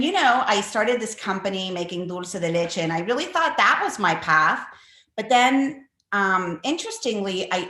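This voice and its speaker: A woman's voice: on the low side, fairly bright tone, reverberant. A middle-aged woman, a cookbook author, answering interview questions in a rambling, chatty way full of fillers, over a video call.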